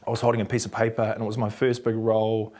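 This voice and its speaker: A man's voice: fairly low pitch, fast talker. A man with a New Zealand accent, an actor telling anecdotes in an interview and acting out what others said. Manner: animated, acts out quotes of others.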